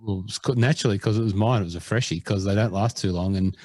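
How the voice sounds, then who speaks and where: Australian male podcast co-host, low-ish voice, rambling and self-deprecating, dry close recording. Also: fast, dark tone, dry recording. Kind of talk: casual chat.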